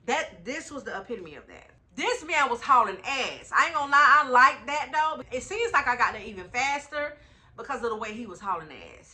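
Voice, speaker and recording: Bright-voiced woman, slangy vlog storyteller. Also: a little high. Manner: slangy, animated, talks straight to viewers. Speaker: travel vlogger. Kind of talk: casual travel vlog storytelling.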